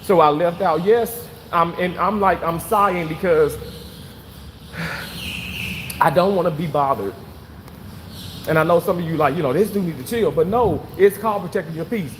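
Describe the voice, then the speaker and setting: A man casually venting to his viewers, animated and swearing freely, repeating himself for emphasis. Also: a little high, normal speed, in a large hall, slight background noise. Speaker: vlogger reading live chat.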